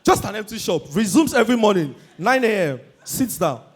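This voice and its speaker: A young Nigerian man doing a high-energy stand-up comedy routine on stage, shouting his punchlines and slipping into Pidgin. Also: big pitch swings, fairly quick, husky. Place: live comedy stage before an audience.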